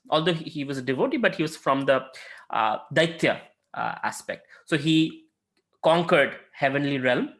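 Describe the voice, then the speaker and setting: A man's voice: a little high, fairly bright tone. Man giving a chatty spiritual lesson. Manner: conversational, many filler sounds, acted quotes. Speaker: spiritual lecturer and mentor.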